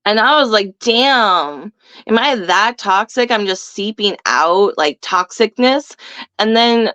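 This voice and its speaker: A woman's voice: medium pitch, a little slow, a bit bright, no echo, lo-fi sound. A young woman telling a story in casual chat, brash and profane, laughing often. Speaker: guest.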